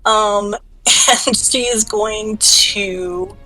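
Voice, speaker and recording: Slow-talking woman playing a tabletop game. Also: medium pitch, dry recording, faint music behind, poor audio. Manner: animated, giggly storytelling of her character. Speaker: player.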